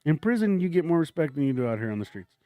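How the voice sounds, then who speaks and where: A man's voice: a little high, rapid-fire, no room sound. A man, a stand-up comedian, telling profane stories in casual chat and acting out the voices of the people in them. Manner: animated, profane, acts out voices in his stories.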